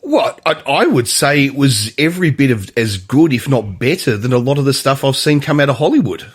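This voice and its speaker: A man hosts a relaxed movie chat, his voice sitting in an ordinary middle register. He talks in loose, chatty bursts, often restarting a sentence midway. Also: medium pitch, a little fast, breathy edge. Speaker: podcast host. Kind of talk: casual chat.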